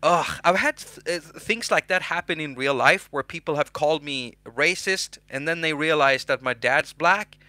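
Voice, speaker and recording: Man, casual tutorial host, bright forceful voice, dry close sound, jokes at himself. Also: on the high side, moderate pace, hardly any pauses, no echo. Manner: joking, self-mocking, chatty.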